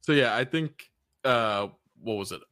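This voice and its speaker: A man co-hosting a podcast in casual chat, playful and quick to laugh. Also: mid-range voice, animated, bright, forceful tone, dry recording, studio quality. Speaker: podcast co-host.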